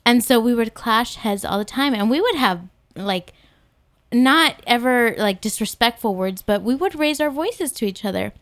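A woman's voice: fairly high pitch, no room sound, studio quality. A young adult woman co-hosting a church podcast, chatting casually and reacting expressively. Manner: expressive, quick to react, playful. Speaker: podcast co-host. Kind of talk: casual chat.

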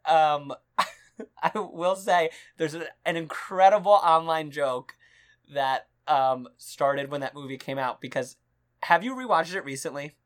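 A woman's voice: low voice, a little slow. A young woman co-hosting a podcast, chatting casually about movies with lots of fillers and frequent laughter. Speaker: podcast co-host.

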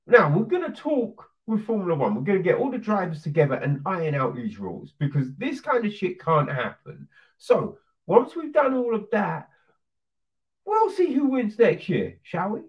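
A commentator delivering a profane, sarcastic, heated opinion rant. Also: mid-range voice. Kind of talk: ranting opinion monologue. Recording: distant dull lo-fi sound.

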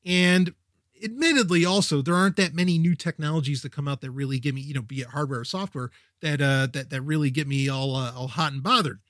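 High-voiced, wisecracking male podcast host. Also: fast, dry recording, studio quality. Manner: energetic, wisecracking, self-interrupting. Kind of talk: casual tech podcast monologue.

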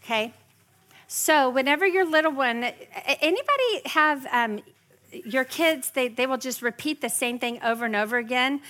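A woman in her forties leads a parenting workshop in a lively, animated way. Her voice is rather high and very bright. She often slips into whiny child voices to show what kids say. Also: moderate pace. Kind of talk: live parenting workshop talk. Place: workshop room with a live audience.

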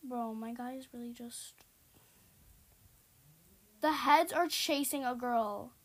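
A young woman commentating her own horror game play in a jumpy way, dropping to hushed whispers and then bursting into loud panicked exclamations. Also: on the high side, slow. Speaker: gamer.

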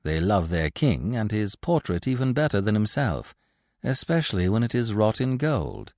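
A man voicing a quick-witted young man who talks in a smooth, wry way. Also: lowish voice, big pitch swings, a little mellow, dry recording, studio quality. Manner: suave, wry.

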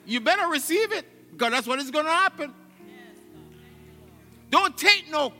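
Male pastor, very high pitch, lively swooping delivery, sermon, church hall reverb, faint music. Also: normal speed, long pauses. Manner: exclamatory preaching, frequent laughs, call-and-response. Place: church sanctuary.

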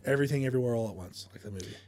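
A man hosting a podcast, a firefighter chatting casually in a rambling way with frequent chuckles and quick asides. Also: medium pitch, a little mellow. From Indiana.

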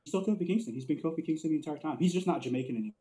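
A man's voice: on the high side, rapid-fire, mellow, poor audio. A man telling wrestling stories in casual chat, loose and profane, laughing often and filling with "like". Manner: loose storyteller, swears a lot, laughs often, many "like" fillers. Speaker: podcast co-host.

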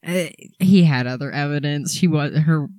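A young man co-hosting a casual podcast, dropping joking quips and quick asides. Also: fairly high pitch, darkish tone, no room sound. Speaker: podcast co-host.

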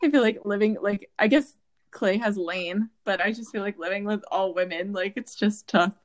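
A young woman co-hosting a casual chat, talking fast and loose with lots of fillers and quoting people in animated voices. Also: medium pitch.

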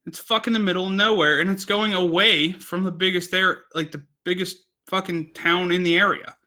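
A man's voice: high-pitched, steady tone, normal speed, sharp tone. A man co-hosting a podcast, telling a rambling story in casual chat, swearing constantly. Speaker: podcast co-host.

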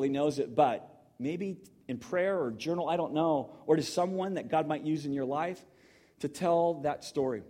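A man's voice: on the high side, darkish tone. A middle-aged man preaching in a conversational, emotional storytelling manner, full of restarts. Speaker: pastor. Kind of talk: sermon.

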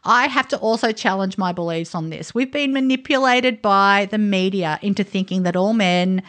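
A woman's voice: mid-range voice, moderate pace, a bit bright. A woman hosting a podcast, frank and playful, introducing topics and reading aloud. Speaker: host.

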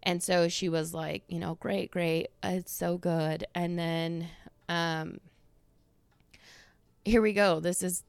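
A woman's voice: on the low side, fairly even intonation, slow pace, creaky, pauses often, clean tone, no room sound. A woman in her thirties hosting a podcast, chatting in a rambling, casual way full of fillers and quoted asides, a little out of breath. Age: 30s. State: slightly out of breath. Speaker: podcast host. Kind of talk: casual monologue.

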